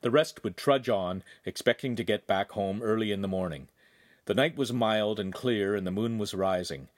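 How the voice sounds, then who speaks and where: A man's voice: on the low side, moderate pace. Man narrating an audiobook.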